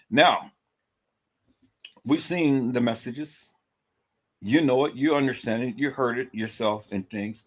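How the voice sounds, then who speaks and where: This livestream host has a mid-range voice that's a bit bright. He comments emphatically and repetitively with lots of swearing, repeatedly calling out to his audience.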